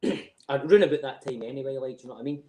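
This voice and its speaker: Racing along at medium pitch, a middle-aged Scottish man guests on a podcast and trades animated stories in casual talk, laughing often and swearing freely, all in an echoey room.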